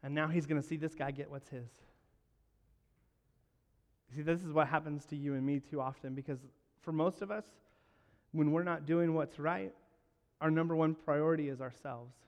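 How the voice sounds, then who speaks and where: A man with a voice that sits a little high delivers a storytelling sermon. He acts out the quoted lines, dropping to a hush and then rising to loud. His words ring out with a long reverb in a large hall. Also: fairly even intonation, moderate pace. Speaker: pastor.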